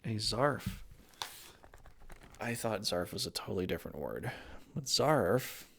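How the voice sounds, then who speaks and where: A man's voice: lowish voice, animated, unhurried, gravelly, fairly bright tone. A man giving a casual, jokey tarot reading, rambling with wordplay and self-corrections. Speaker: tarot reader.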